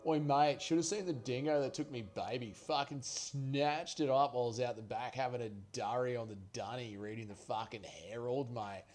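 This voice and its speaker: A man voicing a crude, rough Australian bloke with a broad Australian accent, drawling low and swearing. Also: normal speed, hardly any pauses, darkish tone, soft background music, natural voice. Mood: gruff grumbling. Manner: coarse, swearing, lowered drawl.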